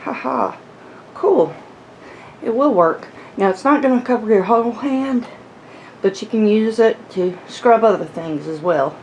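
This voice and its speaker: A woman's voice: fairly high pitch, lively intonation, a little slow, a little mellow, slight background noise, low-quality recording. A woman hosting a casual crochet tutorial from her floor at home, a little out of breath, chatty and rambling, laughing at herself. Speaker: crochet channel host.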